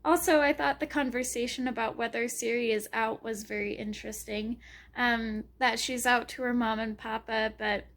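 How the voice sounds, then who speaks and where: Bright high-voiced excitable woman. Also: normal speed. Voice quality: gushing, excitable, squeals and laughs often. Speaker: book vlogger. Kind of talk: casual reading vlog reactions.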